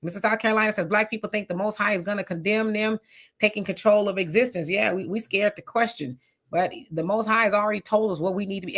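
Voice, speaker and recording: A woman hosting a casual live stream, reading viewer comments aloud and answering them in an animated, talkative way. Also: mid-range voice, fast. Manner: animated, talks back to comments.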